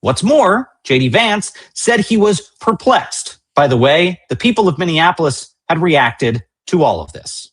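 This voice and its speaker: A man's voice: fairly high pitch, lively intonation, unhurried, hardly any pauses, slightly rough. Emphatic man hosting news. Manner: indignant, emphatic, repetitive rhetoric. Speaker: news show host. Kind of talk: political news commentary.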